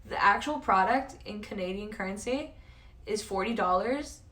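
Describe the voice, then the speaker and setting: A woman's voice: medium pitch, normal speed, a bit bright. Chatty young woman streamer, slightly distant mic. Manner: chatty, swears a lot, says "like" constantly. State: losing her voice. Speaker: livestreamer. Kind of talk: casual chat to stream chat.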